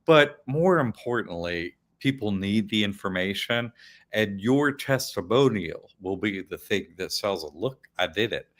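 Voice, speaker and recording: A man's voice: fairly low pitch, lively intonation, unhurried, fairly bright tone. A man hosting an online academy show, chatting casually and rambling, often laughing. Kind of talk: casual chat.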